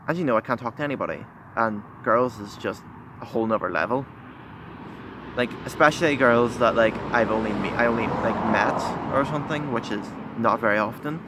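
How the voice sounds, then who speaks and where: A teenage boy talking candidly to his phone camera outside, shy and halting, full of pauses and restarts. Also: fairly low pitch. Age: teens. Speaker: vlogger. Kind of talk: candid confessional vlog. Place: outdoors by a busy road. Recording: phone recording with loud traffic noise. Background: passing cars.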